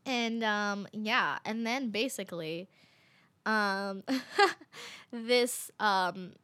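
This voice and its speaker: A young woman telling a travel story to her viewers in a casual, animated way, full of fillers and little laughs. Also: medium pitch, very slow, dry recording. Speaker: vlogger.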